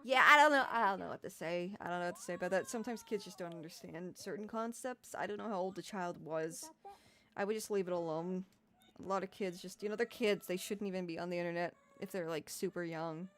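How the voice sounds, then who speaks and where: A young adult woman with a lowish, fairly bright voice talks fast on a livestream, chatting casually and reacting to comments. She rambles, swears a lot and laughs often.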